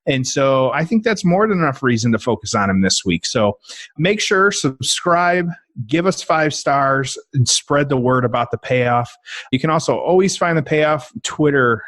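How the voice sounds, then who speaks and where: A man co-hosting a wrestling podcast, relaxed as he runs through the show's plugs. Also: mid-range voice, moderate pace, no echo. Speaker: podcast co-host. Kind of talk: casual podcast chat.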